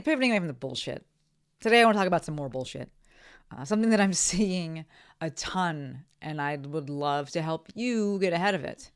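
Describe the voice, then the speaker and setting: A woman's voice: on the low side, lively intonation, normal speed. A woman hosting her own podcast, talking alone in a casual, blunt way, swearing freely and often tossing in "right?" to check in with listeners. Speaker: podcast host. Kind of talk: solo podcast monologue. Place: home office by a window.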